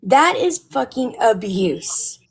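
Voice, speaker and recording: Indignant woman with a gravelly voice. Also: fairly high pitch, very animated, slow. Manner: indignant, rambling, frequent ums. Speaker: guest speaker on a livestream. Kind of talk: casual livestream talk.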